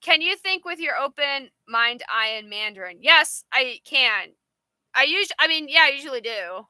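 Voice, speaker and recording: Young woman, livestream host; high, rambly, replies to chat. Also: lively intonation, normal speed, bright, forceful tone, no echo. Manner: chatty, rambling, answers viewer comments. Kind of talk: casual live chat.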